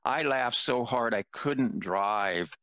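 A man's voice: medium pitch, slow, a bit bright, clean tone, no room sound. An older man in casual conversation, a self-deprecating storyteller who jokes his way through anecdotes.

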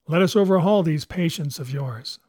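A man voicing a fearless, educated ship's doctor who talks crisply and scolds dryly. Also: a little high, moderate pace, a little mellow, no echo, studio quality, lightly acted. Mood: brisk. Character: brisk, fearless male ship's doctor, gentleman.

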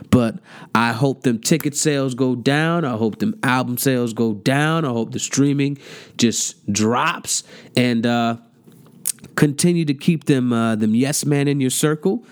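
A man hosting a podcast, ranting in a heated, profane, mocking way with lots of repetition. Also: medium pitch. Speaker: podcast host. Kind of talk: casual rant.

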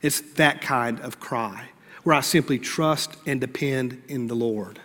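A man pastor preaching a sermon earnestly, rising for emphasis and dropping to hushed, prayerful lines. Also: mid-range voice, a little slow, big-room sound.

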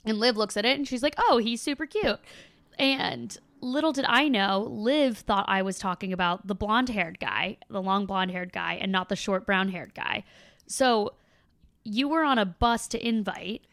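A young woman in her twenties hosting a podcast, telling a story in a giggly, animated way. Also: mid-range voice, normal speed, dry recording. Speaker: podcast host. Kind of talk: casual chat.

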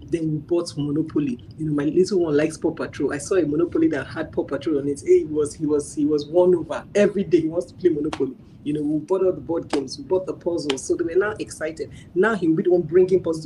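A woman guest sharing her parenting experience in casual chat, telling animated stories, acting out dialogue and laughing often. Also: low voice, quick pace, slight background noise, poor audio.

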